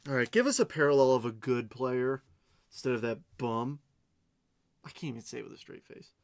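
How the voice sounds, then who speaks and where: A man hosting a live card-opening stream in a relaxed, unhurried way. He chats casually, reads out names one after another, and drops playful, self-mocking jokes between cards. His voice sits in an ordinary middle pitch for a man. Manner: chatty and unhurried, reading out names as he goes. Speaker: card break host.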